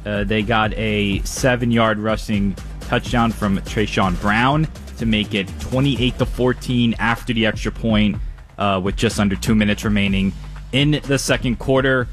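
A man's voice: on the low side, steady tone, a little slow, faint music behind. A man with a New York–New Jersey accent giving a loose, ad-libbed sports scores update. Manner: loose, ad-libbed, hesitant delivery.

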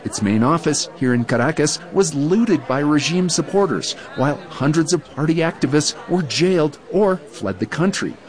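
A male foreign correspondent reading a scripted news report in a measured way. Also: fairly high pitch, animated.

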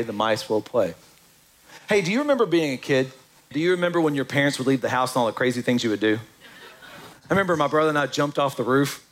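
A man preaching a sermon in a church, lively and joking with the congregation. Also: on the high side. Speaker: pastor.

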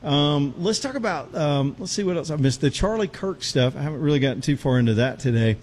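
A man's voice: a little high, expressive, a little fast, a little mellow. Male talk radio host, folksy and chatty, slightly winded, recorded outdoors with a faint hiss behind him. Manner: folksy, chatty, Southern turns of phrase. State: out of breath. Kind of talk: casual talk radio with live ad read. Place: outdoors on a road show, windy.

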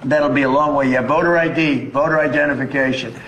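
A man's voice: medium pitch, steady tone, brisk, a bit bright. A man making emphatic, repetitive political points. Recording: roomy clip with faint background noise.

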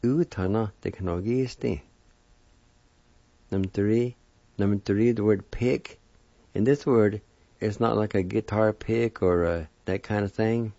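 Slow, low-voiced man teaching pronunciation. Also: fairly even intonation, vocal fry, mellow, no room sound. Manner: spells words out and sounds syllables slowly. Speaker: language teacher. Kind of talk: slow spelling and pronunciation lesson. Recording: dull lo-fi recording.

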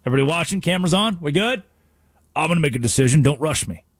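A man's voice: a little high, animated, rapid-fire, husky, no room sound, clean studio sound. A man doing a mocking impression of a self-absorbed male star athlete who craves attention. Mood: smug. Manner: needy, attention-seeking, drawn out.

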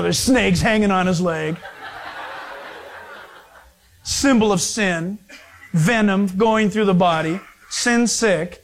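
A man's voice: slow, pauses often, slight background noise. A man preaching an informal sermon, rambling and joking, laughing often and acting out the people in his stories. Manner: rambling, jokey, laughs often, acts out characters; animated, jumps in pitch when quoting.

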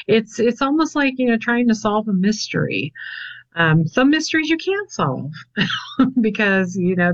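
A woman's voice: mid-range voice, dry recording, muffled recording. A woman answering interview questions, telling stories in a chatty, easygoing way and laughing easily. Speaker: paranormal investigator guest.

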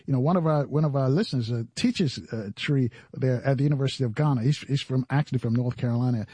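A man's voice: medium pitch, fast, mellow, slightly rough, no room sound. A man from the United States hosting a radio interview, asking questions casually with many fillers and restarts. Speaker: radio host.

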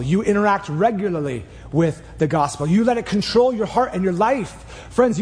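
A man preaching a sermon in a church, earnest and emphatic, speeding up and slowing down as he drives each point home. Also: sits high, darkish tone, in a large hall. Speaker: pastor. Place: church sanctuary. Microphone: clip mic.

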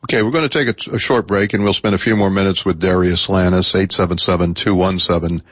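A very deep-voiced man hosts a radio talk show from a studio mic. He talks in a measured, halting way, pausing on fillers. The sound is close and dry. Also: fairly even intonation, fairly bright tone, dry recording. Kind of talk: public radio call-in talk. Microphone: studio microphone.

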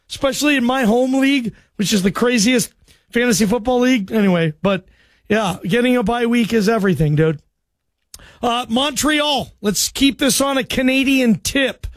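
A man hosting a call-in sports radio show, talking in loose, excitable, joking banter. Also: very high voice, no room sound.

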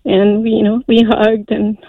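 A woman in her forties calling in to a radio show, telling a personal story earnestly, with many halting fillers. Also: mid-range voice, monotone, no room sound. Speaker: caller. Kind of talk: call-in radio testimony. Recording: tinny phone line.

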